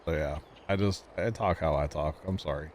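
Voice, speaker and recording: A man's voice: rumbling low, normal speed. Man, game streamer, chatty, self-teasing, laughs a lot, faint background noise. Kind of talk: casual chat with viewers while gaming.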